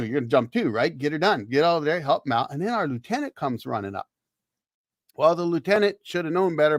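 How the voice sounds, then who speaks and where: Hosting his own livestream, a fifty-something ex-Marine swaps into a folksy story, cursing and laughing as he goes. He sounds a little high and fairly bright, and the studio-grade audio is dry.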